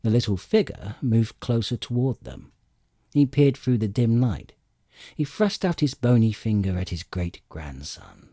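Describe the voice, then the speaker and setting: A man narrating an audiobook with expressive storytelling and dry comic timing. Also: fairly low pitch, unhurried, dry recording. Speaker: audiobook reader.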